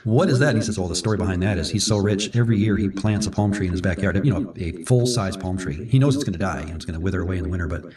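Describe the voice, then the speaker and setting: A man's voice: low-pitched, racing, hardly any pauses, a little mellow, distant mic. A man from Minnesota leading a casual Bible discussion, chatty and rambling, often restarting his sentences. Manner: rambling, chatty storyteller with self-corrections. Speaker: Bible study co-host.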